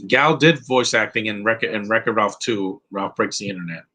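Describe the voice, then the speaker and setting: A man's voice: on the low side, moderate pace, sharp tone, rough recording. A man giving a rambling, opinionated live commentary over a film, restarting his sentences often. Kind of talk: casual live movie commentary.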